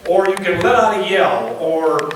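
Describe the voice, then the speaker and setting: A man's voice: sits high, animated, a little slow, a little hiss or hum. A male pastor preaching a folksy, joking sermon and now and then imitating bleating sheep. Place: church sanctuary. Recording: very echoey hall, distant mic.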